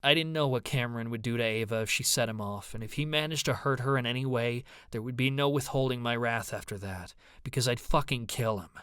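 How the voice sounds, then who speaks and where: Smooth, dry-voiced male audiobook narrator. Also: medium pitch, a little fast, few pauses, fairly bright tone, no echo. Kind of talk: first-person audiobook narration.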